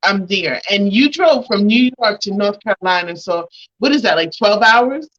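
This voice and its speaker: A woman's voice: medium pitch, lively intonation, moderate pace, fairly bright tone, lo-fi sound. A woman hosting a talk show, speaking at length and with feeling as she thanks her guest. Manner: emotional, grateful, talks at length. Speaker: host.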